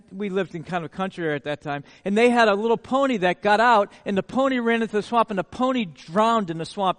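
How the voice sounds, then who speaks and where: A man with a notably high voice delivers a sermon as a pastor. He tells animated stories and keeps tossing rhetorical questions at his listeners. His voice rings out with the long reverb of a big hall.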